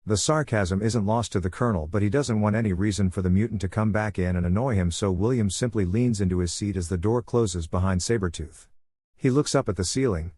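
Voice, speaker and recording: A man narrating a fan fiction story in a steady, even reading. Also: fairly low pitch, husky, no room sound. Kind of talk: scripted narration.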